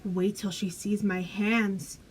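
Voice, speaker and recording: A woman's voice: medium pitch, little pitch movement, slow pace, a little mellow, a little hiss or hum, close to an everyday voice. A woman voicing a clever, defiant young girl in a storybook reading, with cheeky retorts. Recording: roomy echo.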